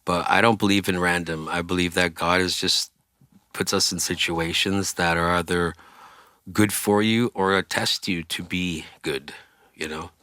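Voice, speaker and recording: A man with a low, bright, forceful voice tells stories in a loose, animated way. He swears casually and jumps into other voices for the people he quotes. The sound is dry and close, with no room around it. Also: a little slow, dry recording. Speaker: rock singer, interview guest. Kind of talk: casual storytelling.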